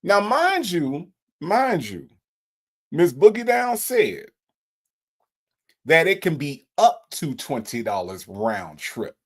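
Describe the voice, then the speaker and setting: A livestream host delivers mocking, incredulous commentary between reading out viewers' super chats. The pitch swings widely from line to line, giving the talk an animated, sing-song feel. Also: slow.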